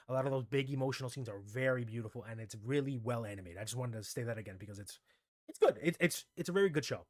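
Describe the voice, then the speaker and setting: A man's voice: mid-range voice, dry recording, studio quality. A man giving a casual, rambling anime review who gets heated and incredulous as he talks. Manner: excitable, grows heated and incredulous. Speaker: anime commentator.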